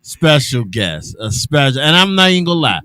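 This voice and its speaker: A man hosting an afternoon radio show in casual talk, loose and chatty with drawn-out hesitations and restarts. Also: a little high, very animated, pushed and bright, clear, resonant tone, no echo, clean studio sound. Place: radio studio.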